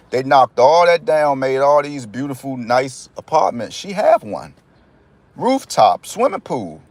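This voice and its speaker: Talking straight to his viewers, a rambling lottery tips vlogger from D.C. chats casually and drops slang. His pitch is fairly high, and the recording has no echo.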